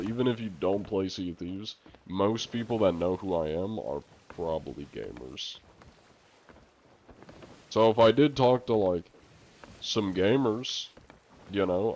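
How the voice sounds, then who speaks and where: A young adult man on a stream answers viewer questions casually, rambling loosely with lots of fillers and an occasional swear word. His voice is deep and a little mellow.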